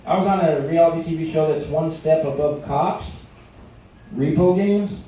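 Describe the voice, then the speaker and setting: A middle-aged man doing a stand-up comedy set in a restaurant, telling stories in an animated way and acting out shouted quotes. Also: on the high side, moderate pace, slight background noise. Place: restaurant performance space. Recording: very echoey room recorded from a distance.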